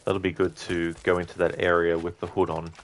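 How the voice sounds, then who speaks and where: A man with a deep, low-pitched voice talks through a live gameplay stream. He chats easily with viewers, reads their messages and thanks them, often pausing on an um or correcting himself partway through a sentence. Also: flat delivery, a little hiss or hum. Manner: frequent ums and self-corrections. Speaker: livestreamer. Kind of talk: casual live game-stream commentary.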